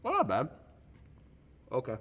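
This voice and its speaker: A man's voice: mid-range voice, unhurried, muffled recording, a little hiss or hum. A young adult man, a youth pastor, laughing and joking through a casual hot-wing question game. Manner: laughs often, animated and joking.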